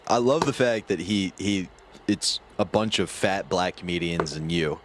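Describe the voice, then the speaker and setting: A man's voice: low-pitched, normal speed, noisy background. A male podcast co-host in casual comedic banter, joking and teasing. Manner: joking, teasing, throws in silly voices.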